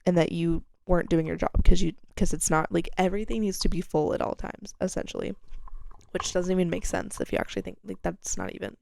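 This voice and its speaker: A young woman hosting a podcast, telling a story in a candid, chatty way that is full of fillers and swearing, and getting animated when she quotes people. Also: fast, gravelly, dry recording. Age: young adult. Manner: chatty and candid, swears freely, heavy use of "like"; animated when quoting others, with sharp jumps in pitch and loudness. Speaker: podcast host. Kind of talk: casual storytelling chat.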